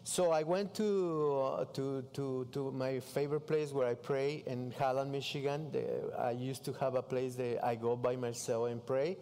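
A man's voice: medium pitch, steady tone, normal speed, hardly any pauses, warm tone, clear, resonant tone, long reverb tail. A pastor from Mexico with a Mexican Spanish accent, telling his story in a sermon in broken English and acting out his own dialogue. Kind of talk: sermon testimony. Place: church.

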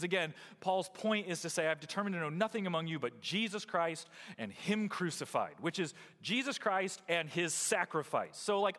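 A man preaching a sermon as pastor, swinging from loud emphasis down to quiet, close remarks. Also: sits high, long reverb tail. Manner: expressive preaching, rising and dropping to near quiet.

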